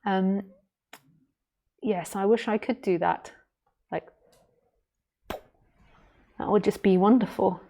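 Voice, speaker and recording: Mellow, even-toned woman spiritual teacher. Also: mid-range voice, slow, long pauses. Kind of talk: answering viewer questions on a livestream.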